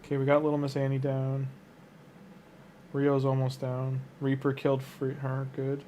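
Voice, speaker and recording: Man, gaming commentary, mid-pitched, thinking aloud, faint background hiss. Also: completely flat delivery, moderate pace, warm tone. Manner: muttering, thinking aloud and reacting to the game. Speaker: gaming streamer. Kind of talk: casual gameplay commentary.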